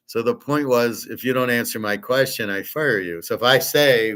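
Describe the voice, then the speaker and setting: A man's voice: medium pitch, normal speed, few pauses, fairly bright tone. A male host in a blunt, emphatic rant, swearing freely and rambling with restarts. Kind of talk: casual rant to camera.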